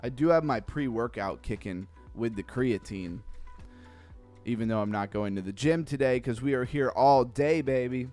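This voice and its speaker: A man hosting a casual crypto livestream, chatting loosely, reading out chat messages and trailing off into low mumbles. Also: moderate pace, a little mellow, faint music behind. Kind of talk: casual live-stream chat.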